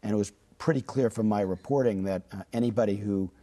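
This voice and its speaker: Guesting in a studio interview, this fifty-something journalist from Chicago in the Midwest spins relaxed stories in a lowish, warm voice. He's a fast talker, though hesitant, with lots of fillers and restarts.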